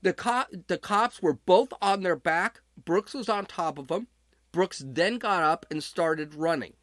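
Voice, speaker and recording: A man hosting a podcast talks casually as he recounts events, often restarting his sentences. His voice sits high with a fairly bright tone, his pace is measured, and the recording is dry.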